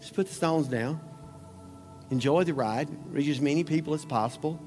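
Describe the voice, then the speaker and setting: A man preaching a sermon as pastor, conversational and animated, acting out scenes and closing in prayer. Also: a little high, moderate pace, in a large hall, faint music behind.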